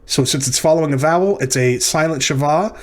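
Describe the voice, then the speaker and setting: A man's voice: fairly high pitch, brisk. Methodical male language teacher. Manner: methodical, self-correcting explanations. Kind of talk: lecture on syllabification.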